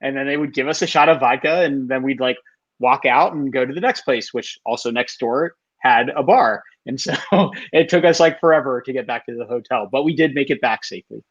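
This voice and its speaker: Man, mid-pitched voice, rambling casual storytelling, muffled lo-fi mic. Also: fairly quick. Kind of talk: casual chat.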